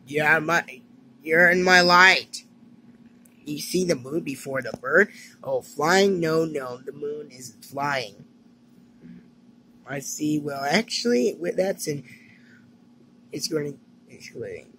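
A man voicing a kindly grown-up in a cartoon, explaining things gently to a child and a monkey. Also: fairly high pitch, animated, slow, pauses often, slight background noise, exaggerated voice, poor audio. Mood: gentle. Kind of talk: animated cartoon dialogue.

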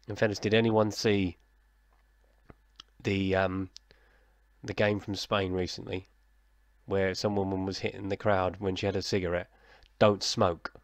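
Male gaming commentator: low gravelly voice, dry close mic, chatty and self-mocking. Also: flat delivery, a little slow, dry recording. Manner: chatty, self-deprecating, mock commentator, talking to himself. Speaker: gaming YouTuber. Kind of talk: casual let's-play commentary.

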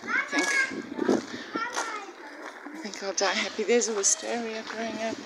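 An older woman vlogging a walking tour, chatty and admiring, often dropping to a hushed voice. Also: a little high, wildly swooping pitch, unhurried. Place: outdoors in a village street. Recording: loud background noise.

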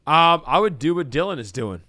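A man's voice: on the high side, animated, fairly quick, pushed and bright, dry recording, clean studio sound. A man co-hosting a podcast, mostly agreeing in short casual replies. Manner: agreeable, brief backchannel replies. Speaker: podcast co-host. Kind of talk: casual chat.

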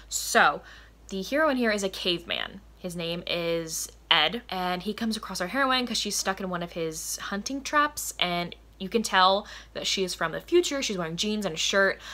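A woman's voice: lowish voice, sharp tone. A woman in a casual book vlog, chatty and enthusiastic, filling her talk with "like" and often laughing. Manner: chatty and enthusiastic, many "like" fillers, frequent laughter. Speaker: book reviewer.

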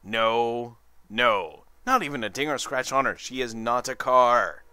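A man's voice: mid-range voice, measured pace, sharp tone, clear, resonant tone, no echo. A tired man doing rambling, sarcastic commentary over a video game. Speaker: let's play commentator.

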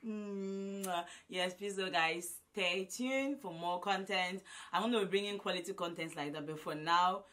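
A woman in her twenties vlogging loudly and effusively to a phone camera, repeating herself often. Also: fairly low pitch, normal speed, hardly any pauses. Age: 20s. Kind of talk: casual vlog to camera.

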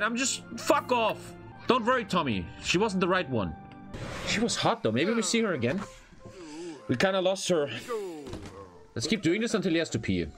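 Excitable young man streaming a game. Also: moderate pace, long pauses. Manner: swings from shouting to mumbled low asides. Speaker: streamer playing a life-simulation game. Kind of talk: loud crude gaming commentary to chat. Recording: game music underneath.

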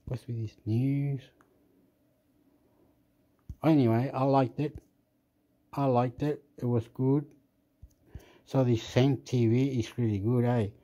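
A man talks his way through an app at an unhurried, meandering pace. His voice is dark and mellow, often dropping to a mumble. He snaps at the screen when something annoys him. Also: medium pitch, fairly even intonation. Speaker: app reviewer. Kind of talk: rambling screen-recording chat.

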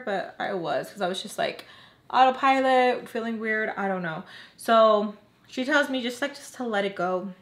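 A woman telling a personal story in a casual vlog while doing her makeup, chatty and full of "like" fillers. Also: mid-range voice. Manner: chatty, filler-heavy with frequent "like"; animated, acts out the other people in the story. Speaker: storytime vlogger.

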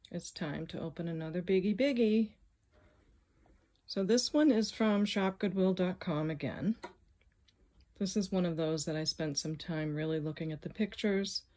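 A woman hosting a casual jewelry unboxing vlog, chatty and excitable as she unpacks at a table. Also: fairly low pitch. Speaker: jewelry reseller and channel host. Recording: clear crinkling and rustling of packing. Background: clear crinkling and rustling of packing.

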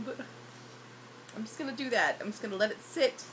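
A young woman vlogging, frustrated and rambling, her voice hoarse from a night of shouting, recorded on a phone. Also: fairly high pitch, expressive, brisk, long pauses. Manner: frustrated, rambling, self-deprecating. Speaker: YouTuber. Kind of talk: casual vlog rant. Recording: loud background noise.

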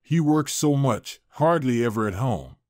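Storybook older mother, gentle and sly, read by a man in a dry, mid-pitched voice. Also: lively intonation, unhurried, no room sound, lightly acted. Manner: soft, hopeful.

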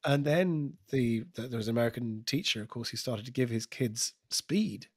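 Man from the UK, podcast guest comedian, husky voice, dry close mic, digressive storytelling. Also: medium pitch, normal speed, no echo. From United Kingdom. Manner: animated, digressive storytelling with asides. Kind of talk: podcast conversation.

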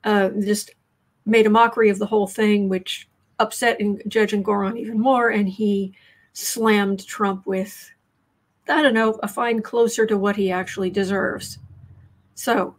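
A woman's voice: medium pitch, steady tone, moderate pace. A woman hosting a daily tarot livestream in a casual, rambling chat, with asides to her viewers. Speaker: livestream tarot reader and host.

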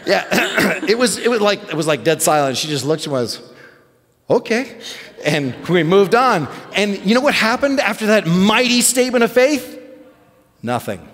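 Middle-aged guy pastor telling a story from the stage, high voice, lots of echo in the sanctuary. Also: normal speed. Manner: animated, self-deprecating storytelling with restarts. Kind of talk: sermon story. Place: church sanctuary.

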